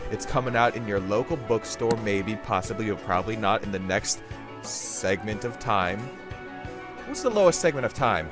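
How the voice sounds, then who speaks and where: Music sits in the background as a man with a lowish voice and lively intonation talks at normal speed. He's a gaming YouTuber hosting his own channel, rambling through silly, jokey gameplay commentary with abrupt bursts of goofy voices.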